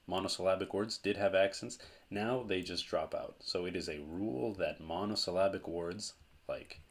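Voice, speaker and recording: Low-voiced man teaching a language lesson. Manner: patient, repeats points for emphasis. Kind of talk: casual explanatory lesson.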